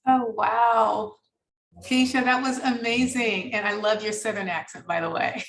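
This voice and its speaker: A woman's voice: fairly high pitch, steady tone, a little slow, reverberant. A woman moderating an online conference session, enthusiastic and gushing with thanks. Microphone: video call.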